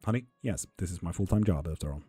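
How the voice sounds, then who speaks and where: A man's voice: low voice, lively intonation, quick pace, warm tone, husky, faint music behind. A man reading tarot on a live stream, chatting casually with viewers, calling them honey and swearing freely.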